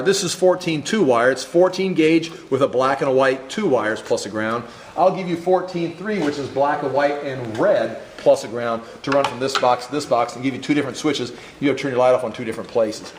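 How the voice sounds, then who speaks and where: Male teacher, fairly high voice, step-by-step classroom demo, echoey room with faint noise. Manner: step-by-step, checks that students follow. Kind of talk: hands-on classroom demonstration. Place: classroom workshop.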